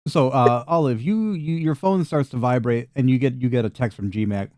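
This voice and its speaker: A man's voice: medium pitch, moderate pace, darkish tone, no room sound, studio quality. A young man narrating a tabletop game as game master in a casual, profane, joking way.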